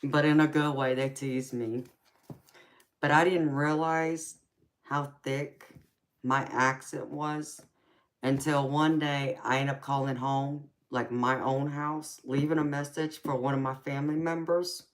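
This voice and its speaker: An American tarot reader with a Southern accent chats casually on a live stream, laughing often and calling listeners "baby." Her voice sits low, with a flat, slightly slow delivery.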